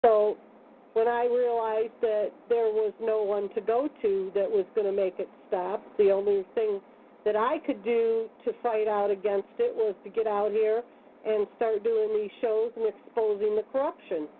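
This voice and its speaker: A woman hosting a radio talk show who tells stories in a rough, plainspoken way and laughs often. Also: medium pitch, flat delivery, normal speed. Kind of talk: casual storytelling chat. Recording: tinny phone line with faint noise.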